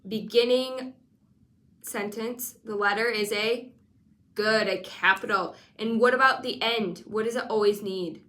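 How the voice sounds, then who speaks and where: A woman teaching a one-on-one spelling lesson, patient and encouraging, sounding out letters slowly. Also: mid-range voice, steady tone, a bit bright. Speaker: reading teacher.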